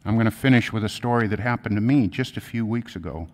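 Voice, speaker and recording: A man giving a sermon, reading a story aloud and then telling his own, in an earnest, quiet and measured way. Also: on the low side, in a large hall. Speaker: lay preacher. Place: church.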